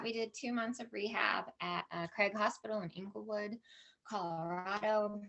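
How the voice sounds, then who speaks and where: A woman's voice: mid-range voice, steady tone, normal speed, creaky, fairly bright tone. A middle-aged woman speaking at a conference, telling a personal story with candid emotion and lots of quoted dialogue. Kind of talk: personal story told to an audience. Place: conference stage.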